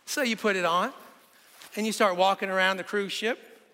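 A man's voice: sits high, normal speed, pauses often, long reverb tail. A man preaching a sermon, telling vivid stories and asking the crowd rhetorical questions. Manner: animated storytelling with rhetorical questions.

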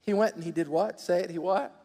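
A man with a high, gravelly voice preaches in a call-and-response style, often repeating himself and prompting the congregation to answer. His voice carries a long reverb from the church hall around him. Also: a little fast, warm tone. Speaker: pastor. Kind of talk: sermon. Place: church sanctuary.

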